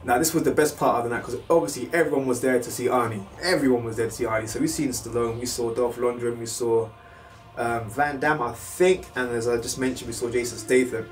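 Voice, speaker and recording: A British man telling a story in a casual, animated way to his viewers, now and then breaking into loud film impressions. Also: medium pitch, fairly quick, recorded from a distance. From United Kingdom. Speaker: vlogger.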